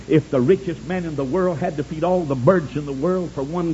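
A man preaching a fiery revival sermon, shouting in a sing-song cadence with folksy turns of phrase. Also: fairly high pitch, fairly quick, few pauses. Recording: dull hissy old recording.

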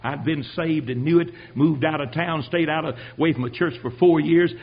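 An older man preaching his own testimony, telling it dramatically and swinging from hushed tones to shouting. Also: a little high, brisk, breathy edge, muffled recording. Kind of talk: sermon testimony.

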